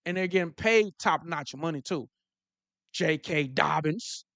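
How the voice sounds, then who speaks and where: A man's voice: on the high side, unhurried, gravelly, no echo. A man hosting a casual football talk show, riffing to his viewers in slang with lots of restarts. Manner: animated, repetitive restarts and slang. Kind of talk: casual sports commentary to live viewers.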